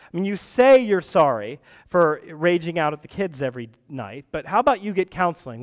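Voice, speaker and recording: A man's voice: on the high side, big pitch swings, brisk. A male pastor preaching a sermon. He is earnest and breaks into conversational asides and restarts. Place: church sanctuary. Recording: long reverb of a church hall.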